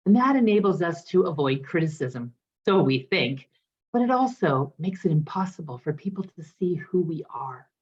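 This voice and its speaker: A woman minister telling a parable in a sermon, expressive with dramatic pauses. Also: on the low side, lo-fi sound. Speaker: guest minister. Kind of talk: storytelling sermon.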